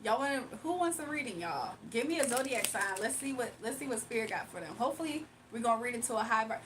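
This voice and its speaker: High-pitched woman rambling to her stream chat, laughing a lot, sounds a bit far from the mic. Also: animated, fast talker, background noise. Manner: chatty, laughs often, addresses chat as y'all. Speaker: livestream host. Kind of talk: casual live-stream chat with viewers.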